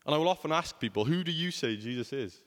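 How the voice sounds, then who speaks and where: A man's voice: fairly high pitch, expressive, fast, fairly bright tone, in a large hall. A young man preaching a sermon in a conversational way, often asking rhetorical questions.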